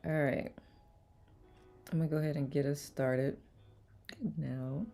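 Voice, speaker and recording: Calm woman hosting a live stream, slow talker, greets folks by name, music playing behind. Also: sits low, gravelly. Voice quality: calming voice. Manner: warm greetings to viewers by name, chatty and relaxed. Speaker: live-stream host of a letting-go study group. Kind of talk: casual livestream greeting chat.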